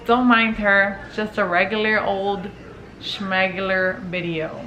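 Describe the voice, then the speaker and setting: Brief: young woman vlogger, chatty storyteller, bright forceful tone, roomy home echo. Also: medium pitch, flat delivery, takes it slowly, a little hiss or hum. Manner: chatty, filler-heavy, swears casually, acts out quotes. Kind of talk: casual storytelling to camera. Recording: echoey room with faint ambience.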